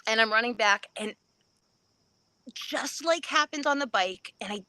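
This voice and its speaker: A woman on a live podcast, telling a story with lively energy, acting out what people said and laughing often. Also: a little high, unhurried, no echo. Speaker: podcast guest. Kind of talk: excited race recap.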